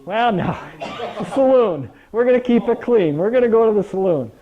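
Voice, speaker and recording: Folksy older man with a high voice. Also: expressive, moderate pace. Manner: folksy storyteller, jokes with the audience, asks rhetorical questions. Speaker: grain marketing presenter. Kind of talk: presentation to a live audience. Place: meeting room with an audience. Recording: dull lo-fi recording.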